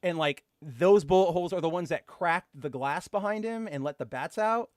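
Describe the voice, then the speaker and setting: Excitable man gushing in casual podcast chat. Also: on the high side, normal speed, no echo, studio quality. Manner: excitable, filler-heavy, gushing. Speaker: podcast co-host. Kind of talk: casual comic book chat.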